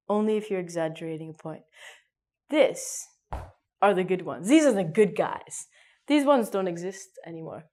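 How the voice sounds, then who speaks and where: A woman from Canada with a Canadian accent, teaching English in a playful, jokey way and acting out small scenes. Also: medium pitch. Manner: playful, jokey, acts out mini scenes with sudden loud and hushed bits. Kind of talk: casual online English lesson.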